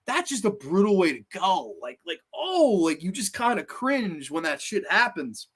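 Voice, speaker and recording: A man giving casual, animated commentary as a horror movie reviewer, swearing freely and acting out scenes in funny voices. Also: high voice, moderate pace, husky. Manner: animated, profane, acts out quotes in funny voices.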